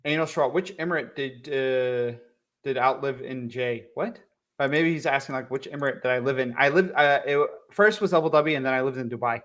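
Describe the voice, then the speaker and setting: A man's voice: medium pitch, fairly quick, a bit bright. A man co-hosting a casual livestream chat, swearing freely and laughing often. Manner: loose and profane, laughs often. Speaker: co-host.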